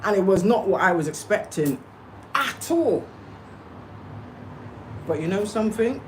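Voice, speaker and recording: A woman's voice: mid-range voice, lively intonation, unhurried, darkish tone, slight background noise, poor audio. A woman talking straight to her livestream viewers, emphatic and insistent, often checking in with "okay?" and "yeah?". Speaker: spiritual livestreamer. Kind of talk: casual livestream monologue.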